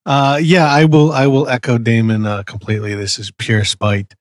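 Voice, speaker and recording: A man's voice: medium pitch, level tone, moderate pace, dry recording. Blunt, swearing man in casual chat. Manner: blunt, swears, hesitant fillers. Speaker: podcast panelist.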